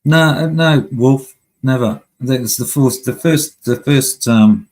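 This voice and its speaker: Husky, swearing male streamer ranting. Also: mid-range voice, takes it slowly, a little mellow, poor audio. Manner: heavy swearing, angry and blunt. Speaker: live stream host. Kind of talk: casual live-stream rant.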